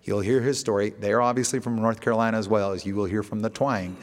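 A man's voice: fairly low pitch, steady tone, fast. A man, a TV show producer, giving a storytelling presentation to an audience and acting out phone calls in quoted dialogue. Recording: echoey hall with long reverb.

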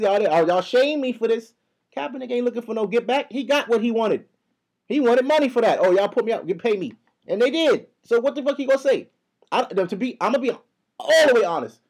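A young man rants on his podcast in a high, fast, profane, heated flow. His voice sits above the usual male range. He speaks casually, as if to friends. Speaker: podcast host. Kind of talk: casual ranting monologue.

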